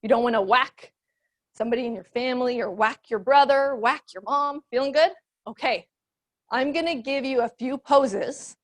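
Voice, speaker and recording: High-voiced playful kids yoga teacher woman. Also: moderate pace. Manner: playful, encouraging, sing-song cues. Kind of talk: guided kids yoga class.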